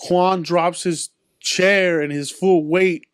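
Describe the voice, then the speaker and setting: A man's voice: high-pitched, steady tone, slow, clean tone, no room sound, studio quality. A young man hosting a podcast, telling a rambling story in casual chat with friends, full of slang and swearing. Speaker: podcast host.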